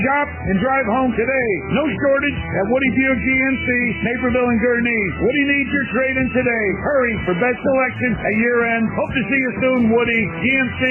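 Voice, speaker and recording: Man with a high salesy ad voice. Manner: brisk salesy pitch. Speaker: car dealer ad announcer. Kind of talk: radio ad read. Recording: tinny phone-like ad audio with music.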